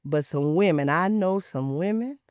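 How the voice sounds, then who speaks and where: A woman in her sixties hosting a talk show, telling stories in an animated, preachy way with lively vernacular asides. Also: sits low, moderate pace, clear, resonant tone, dry recording, studio quality. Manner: animated, preachy storytelling with Southern Black vernacular. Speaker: podcast host. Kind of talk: casual talk show chat.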